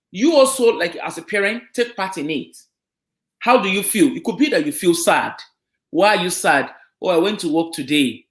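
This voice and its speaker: A man with a high and very lively voice talks parents through an idea, often stopping to check that they follow him. He works with children and families, and the recording sits in an echoey room. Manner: explanatory, checks in with listeners. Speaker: children and family social worker. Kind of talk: community talk on parenting.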